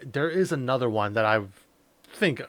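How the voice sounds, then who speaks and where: A man hosts a laid-back podcast, rambling through his points with plenty of fillers and easy laughs. His voice sits in a middle pitch, recorded close and dry with no room sound. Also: lively intonation, normal speed, fairly bright tone, no echo. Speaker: podcast host. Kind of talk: casual podcast chat.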